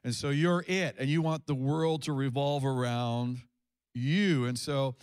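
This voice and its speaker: A man's voice: medium pitch, unhurried, a little mellow, clear, resonant tone. A man preaching a sermon to a congregation, talking in a conversational way with fillers and restarts. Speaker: pastor. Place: church sanctuary with congregation.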